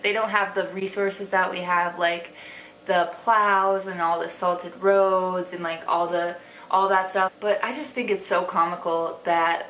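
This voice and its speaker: A woman's voice: on the low side, a bit bright. A young woman from Wisconsin with a light Wisconsin accent, talking casually to camera in a vlog and filling her speech with "like". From Wisconsin, USA. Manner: chatty, heavy use of "like" fillers. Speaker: vlogger. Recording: echoey room with faint hiss.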